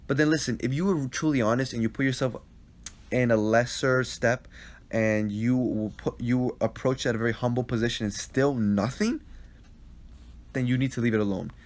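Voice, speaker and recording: A man at a middle pitch talks into his phone during a live Q&A, answering viewers' questions. He is earnest and a little repetitive, circling back over his advice and tossing in quick check-ins. His delivery is casual and conversational. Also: fairly even intonation. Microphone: phone live stream.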